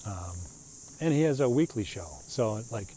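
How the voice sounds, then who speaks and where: A man's voice: mid-range voice, lively intonation, moderate pace, dark tone, a little hiss or hum. A middle-aged American man telling a rambling, chatty story in a casual monologue, laughing often. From United States.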